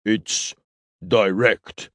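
A man playing a hulking, blunt alien bruiser who talks slowly, in a lowish, plain voice. The audiobook sound is dry and close. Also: fairly even intonation, no room sound.

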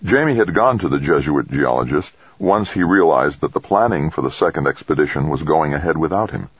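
Deep low guy narrating a novel, husky voice, dull dry recording. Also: animated, fairly quick, no room sound. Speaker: audiobook narrator. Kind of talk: scripted narration.

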